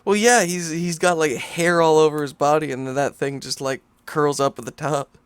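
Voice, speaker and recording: A young man co-hosting a casual podcast, retelling scenes with animated energy. His voice sits a bit high and comes through smooth and resonant. The recording is dry and close. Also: moderate pace, no room sound. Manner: animated retelling, jumps into squeaky character voices. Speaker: podcast co-host. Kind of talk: casual chat.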